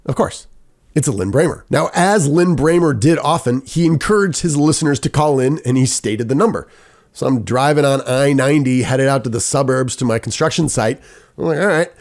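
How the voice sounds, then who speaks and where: A middle-aged man, hosting a podcast and telling a personal story with lively quoted dialogue. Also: mid-range voice, moderate pace. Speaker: podcast host. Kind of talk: storytelling monologue.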